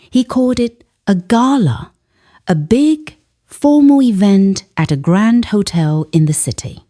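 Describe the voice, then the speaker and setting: A woman narrates a first-person moral tale with gentle, heartfelt expression. Her voice is warm and mellow, and she moves through a wide melodic range. She takes her time. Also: fairly low pitch. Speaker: storyteller.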